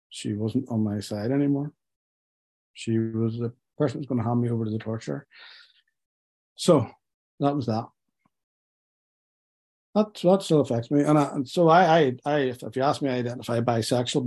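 A man giving a personal testimony about his life, speaking in a halting, reflective way with many pauses and restarts. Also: medium pitch, dark tone, slightly rough.

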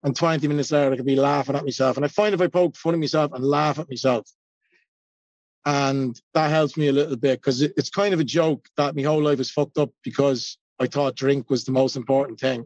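Irish man in his forties, fairly high voice, blunt and swearing, dull dry video-call sound. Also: a little mellow, no echo. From Ireland. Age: 40s. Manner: blunt, swearing, self-mocking. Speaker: recovery meeting speaker. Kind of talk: personal share at a recovery meeting.

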